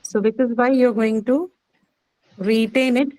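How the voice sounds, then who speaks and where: A woman's voice: a little high, steady tone, a little slow, a little mellow, rough recording. A woman teaching an English class on word stress, patiently quizzing students and repeating their answers.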